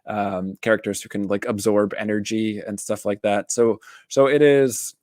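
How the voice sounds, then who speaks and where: A rather low-pitched man talks through a casual show review in a loose, rambling way, full of fillers and restarts. His voice is recorded close and dry, with no room sound around it. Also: fairly even intonation, moderate pace, darkish tone, no room sound. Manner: rambling, filler-heavy, self-interrupting. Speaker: therapist reviewing a TV series.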